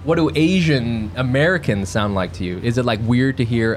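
A man's voice: mid-range voice, normal speed, a little hiss or hum. A man hosting a podcast, chatting casually in a laid-back, rambling way and swearing now and then. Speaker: podcast host. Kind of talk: casual chat.

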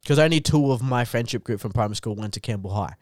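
This young Australian comedian guest speaks in a mid-range voice at a quick pace, with clean studio sound and no room sound. Telling a rambling, sweary podcast story, he says "dude" constantly and laughs throughout, animated the whole way.

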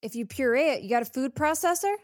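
A young woman co-hosting a podcast in casual chat, animated, emphatic and quick to laugh. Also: sits high, dry recording, clean studio sound. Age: young adult. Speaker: podcast co-host.

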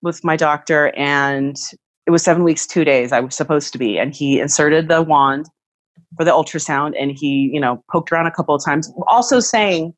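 A woman in her thirties, telling a personal story in casual chat, animated and acting out what others said. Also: low voice, moderate pace, no room sound, rough recording. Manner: animated, acts out quoted voices.

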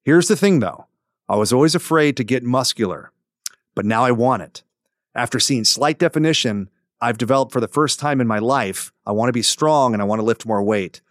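A male podcast host reads a listener's letter in an easygoing, conversational way, dropping in wry jokes between sentences. His voice sits at an ordinary mid pitch and is recorded close and dry on a studio mic. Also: fairly quick, no echo. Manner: relaxed, joking asides while reading. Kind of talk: casual podcast chat, reading a listener letter aloud.

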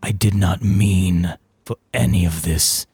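Male GM voicing an intense older mentor, lower and grave, earnest urgency. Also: slow, mellow, husky, dry recording, clean studio sound, full character voice. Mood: urgent earnest.

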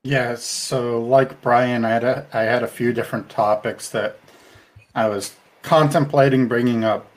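Slow, reflective man on a podcast. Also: medium pitch, steady tone. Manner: deliberate, reflective, with frequent restarts. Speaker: podcast co-host. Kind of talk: casual podcast discussion.

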